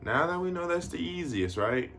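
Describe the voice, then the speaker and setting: A man's voice: on the high side, animated, normal speed, fairly bright tone, slight background noise. A young man from the United States who lives in Tokyo, talking casually to his viewers in a loose, slangy way, with plenty of swearing and fillers like "you know what I mean.". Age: young adult. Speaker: vlogger. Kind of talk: casual vlog talk to camera.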